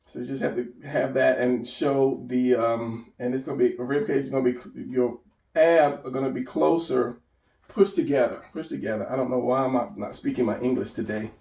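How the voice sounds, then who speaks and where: A man with a gravelly voice walks through a drawing lesson without a script. He rambles and corrects himself while sketching. The sound is echoey, as if he sits some way from the mic in a bare room. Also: medium pitch, fairly even intonation, normal speed, darkish tone, far from the mic. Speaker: drawing instructor. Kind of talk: unscripted drawing tutorial.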